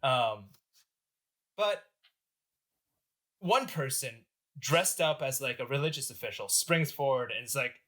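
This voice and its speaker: A young man hosting a podcast, telling a history story with animated jokes and lots of filler words. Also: mid-range voice, takes it slowly, long pauses. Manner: animated, joking, filler-heavy. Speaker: podcast host. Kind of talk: casual history storytelling among friends.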